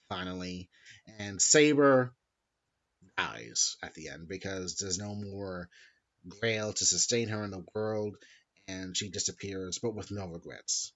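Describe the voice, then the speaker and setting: A man with a low voice hosts a podcast, recapping a story in a loose, rambling way, correcting himself and swearing freely. The audio is dull and lo-fi. His talk is casual and unscripted. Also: unhurried. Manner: rambling, profane, self-correcting. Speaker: podcast host. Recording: dull lo-fi sound.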